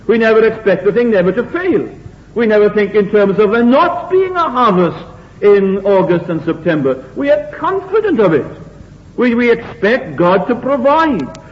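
A man's voice: high voice, big pitch swings, moderate pace. A man preaching a sermon in a chapel, earnest and repetitive, asking the congregation rhetorical questions. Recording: dull, lo-fi recording in a reverberant hall.

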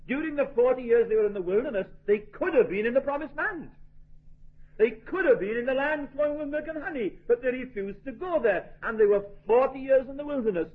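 A man's voice: very high voice, husky. A man preaching a sermon in an earnest, emphatic way, asking rhetorical questions. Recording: tinny phone-like lo-fi recording.

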